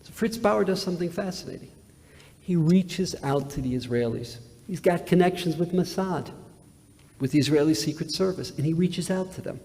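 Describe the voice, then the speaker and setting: A man's voice: on the high side, moderate pace, dark tone. Occupation: rabbi. Sex: man. Style: sermon. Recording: hall reverb. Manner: emphatic storyteller with repetitions and dramatic swings in volume. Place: large synagogue sanctuary. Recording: reverberant hall, live webcast.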